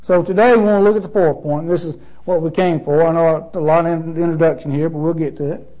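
Pastor, male, high voice, emphatic sermon delivery, lo-fi church recording. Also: steady tone, fast talker. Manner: emphatic, repeats phrases with shifting stress.

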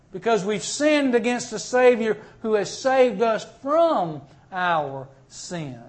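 A high-pitched man delivers a sermon. He swings between hushed, low asides and loud, soaring appeals, often voicing prayers aloud. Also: expressive, takes it slowly, hardly any pauses. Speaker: preacher.

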